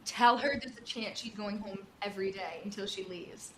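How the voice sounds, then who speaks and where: A woman's voice: mid-range voice, normal speed, a bit bright, a little hiss or hum. A young woman hosting a podcast, a nurse swapping work stories in blunt, casual talk, often swearing and acting out dialogue. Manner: blunt, swears freely, acts out dialogue with big voice swings. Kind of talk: casual chat.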